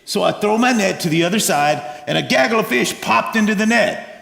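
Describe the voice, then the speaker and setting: A man acting out an excitable, stammering fisherman disciple in a church stage skit. His voice sits high and swings widely, with a gravelly fry underneath. A long, roomy reverb from the church hall surrounds it. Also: brisk, full character voice. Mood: excited.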